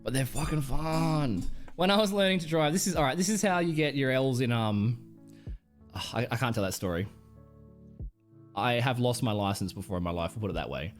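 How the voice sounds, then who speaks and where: A man's voice: mid-range voice, animated, brisk, faint music behind. A young Australian man streaming live, rambling through casual stories with plenty of swearing. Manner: rambling, profane storytelling. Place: home streaming setup.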